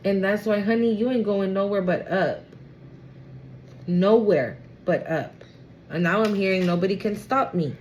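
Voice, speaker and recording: Young woman doing a tarot reading, slow slangy talk, gets teary, bit of background hiss. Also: medium pitch, a little mellow. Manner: emotional, exclamatory, slangy, swings to near tears. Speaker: tarot reader. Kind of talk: casual tarot reading to viewers.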